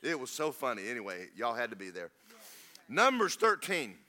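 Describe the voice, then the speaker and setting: A man's voice: medium pitch, sing-song, normal speed, sharp tone. A man preaching a sermon as pastor, folksy and joking, then rising to emphatic preaching.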